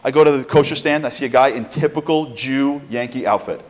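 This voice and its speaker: A man giving an inspirational lecture with humor, an animated storyteller who fires off rhetorical questions to the audience in a large lecture hall. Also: mid-range voice, a little fast. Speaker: speaker. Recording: long hall reverb.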